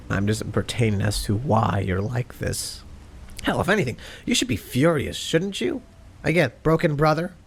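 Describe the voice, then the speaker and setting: A man voicing a calm, taunting male animatronic villain in a fan animation, speaking coolly and unhurriedly. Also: medium pitch, gravelly, breathy edge. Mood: probing. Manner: cool, mocking, unhurried.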